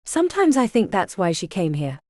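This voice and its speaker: A woman voicing a stern eldest witch sister who speaks low and mean, in an audiobook. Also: very animated, fairly quick, warm tone, no echo, clean studio sound, lightly acted. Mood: contemptuous.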